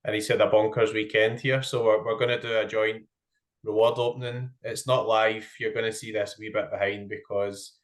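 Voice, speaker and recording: A man's voice: lowish voice, level tone, moderate pace. A man hosting a casual chat with a friend, upbeat and laughing easily, with plenty of ums. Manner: chatty, laughs often, says um a lot. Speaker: host.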